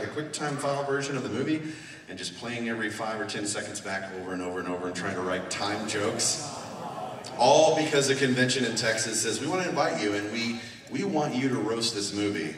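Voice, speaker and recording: A man's voice: medium pitch, slight background noise. Man at a panel in an echoey hall. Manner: animated, laughing often. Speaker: convention panel guest. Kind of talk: live Q&A panel. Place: large convention hall. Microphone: far recording from the audience. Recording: echoey hall recorded from far off, crowd.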